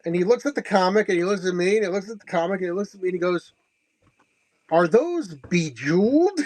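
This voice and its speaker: A man's voice: sits high, steady tone, rapid-fire, darkish tone, dry recording. A man casually showing off signed comics and prints, chatting and laughing as he tells the story, often repeating himself. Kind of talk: casual show-and-tell recap.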